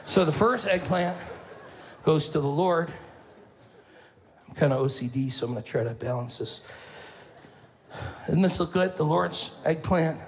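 A man preaching as a pastor in a playful, animated way, calling out to his congregation. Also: on the high side, unhurried, long pauses, a little hiss or hum. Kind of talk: sermon.

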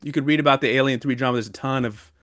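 A man's voice: mid-range voice, very fast, no room sound, studio quality. A man in his thirties co-hosting a podcast, telling a story in casual chat and getting worked up as he goes. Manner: animated storytelling, gets worked up. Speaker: podcast co-host.

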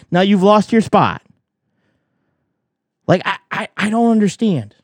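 A man's voice: high voice, animated, a little slow, pauses often, no room sound, studio quality. A man giving heated commentary on trucking, arguing with rhetorical questions. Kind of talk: reaction commentary.

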